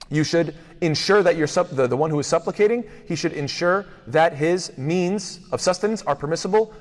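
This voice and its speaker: A man teaching a lesson on hadith, rapidly reciting Arabic passages, then explaining them and posing rhetorical questions to his listeners. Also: fairly high pitch. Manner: poses rhetorical questions to the class. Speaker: Islamic studies teacher. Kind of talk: lecture on hadith. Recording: long hall reverb.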